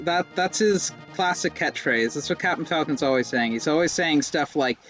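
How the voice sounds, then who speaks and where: A man's voice: fairly high pitch, normal speed, a bit bright, soft background music. Rambling, joking male game streamer. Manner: rambling, self-mocking jokes, sudden yelps. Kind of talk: live gameplay commentary.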